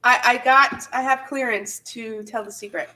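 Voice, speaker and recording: Woman, live-stream host, casual chat, chatty, laughs often, bright forceful tone. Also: on the high side, fairly even intonation, normal speed. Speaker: channel host.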